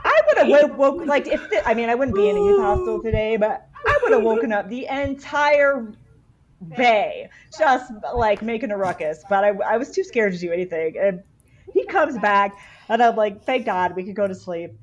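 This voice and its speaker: A woman with a fairly high voice recounts a travel story as a podcast guest. Her delivery is lively and chatty, full of "like" and quick asides. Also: dull audio. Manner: animated, fills speech with "like". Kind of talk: casual storytelling.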